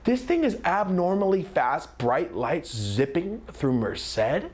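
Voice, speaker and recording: A young man telling a comedic story time, animated and acting out the voices of the people in it. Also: on the high side, slow. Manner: animated, acts out quoted voices.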